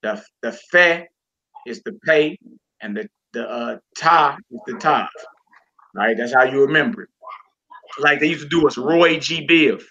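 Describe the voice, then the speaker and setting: A man's voice: mid-range voice, a little slow, sharp tone, muffled recording. A man teaching a class from a Hebrew textbook, reading passages aloud and explaining them with casual, folksy asides to the listeners.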